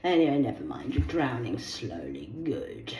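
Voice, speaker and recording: A woman reads news stories aloud as a casual vlog, swearing freely and slipping into whispered asides. Her pitch leaps around from line to line. The room around her rings with echo. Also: big pitch swings, unhurried, darkish tone, slight background noise. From United Kingdom. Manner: swears a lot, drops into whispers, laughs between stories. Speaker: vlogger reading news stories.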